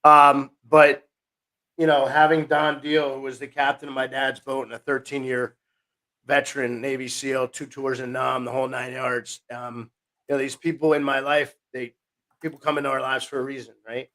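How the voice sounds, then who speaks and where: A man's voice: mid-range voice, moderate pace. Casual storyteller: New man, fifties, podcast guest, restarts often and acts out quotes. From New Jersey, USA. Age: 50s. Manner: rambling, self-interrupting, animated retelling with quoted voices.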